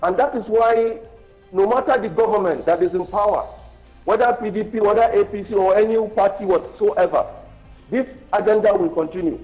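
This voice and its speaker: High-voiced Nigerian man on a dull line. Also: fairly quick, darkish tone. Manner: emphatic, insistent. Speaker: guest on phone line. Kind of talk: news talk show interview. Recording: muffled phone line with music.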